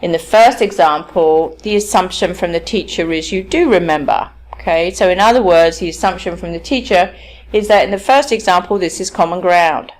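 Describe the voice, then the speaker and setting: A woman's voice: lowish voice, normal speed. A woman lecturing at university level, explaining points step by step, checking in with "okay?" and demonstrating stress and intonation on example sentences. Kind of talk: recorded academic lecture.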